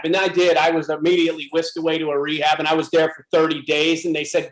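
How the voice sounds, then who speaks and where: A middle-aged man from the USA gives a frank, emphatic personal testimony. His voice sits high for a man. The recording carries a noticeable room echo. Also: little pitch movement, fast, hardly any pauses. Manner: intense, emphatic storytelling. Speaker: speaker at a club presentation.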